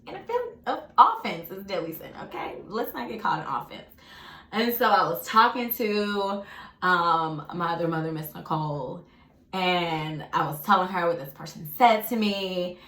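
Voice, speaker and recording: A young woman talks casually to her viewers between bites, chatty and quick to laugh. Her voice sits a little low but swoops up and down with lots of expression. The sound carries a noticeable room echo. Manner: chatty and animated, laughing often, talking while eating. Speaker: vlogger. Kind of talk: casual mukbang chat. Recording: echoey room.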